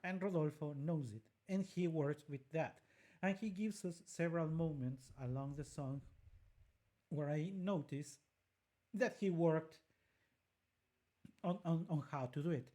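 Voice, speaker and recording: A woman's voice: deep voice, measured pace, long pauses, dark tone. A woman, co-hosting a music show and explaining vocal technique in detail, with a patient, teacherly manner. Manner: explanatory, demonstrates by singing phrases. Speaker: co-host and vocal coach. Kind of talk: analytical music commentary with sung examples.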